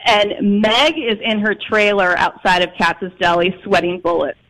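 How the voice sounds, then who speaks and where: A man from Chicago, a guest author in an interview, telling lively anecdotes with plenty of fillers. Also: high-pitched, a little slow, rough recording. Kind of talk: storytelling interview.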